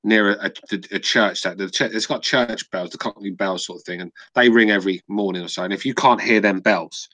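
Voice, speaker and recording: A man's voice: on the low side, fairly quick, hardly any pauses, pushed and bright, no echo, low-quality recording. A man with an English accent, chatting and telling stories on a casual podcast, swearing freely. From England. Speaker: podcast co-host.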